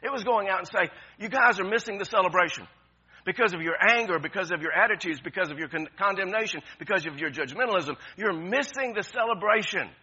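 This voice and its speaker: A man's voice: high voice, animated, fast, bright, forceful tone, breathy edge, dull audio. A man preaching a sermon with passion, repeating phrases and restarting often. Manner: impassioned, repetitive preaching with many restarts. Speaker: pastor.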